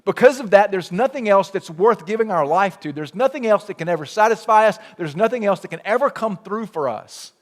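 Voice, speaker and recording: A man's voice: sits high, expressive, a little fast, few pauses. A man preaching a sermon in a church, with rhetorical questions and lots of repetition. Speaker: pastor. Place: church sanctuary. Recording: long hall reverb.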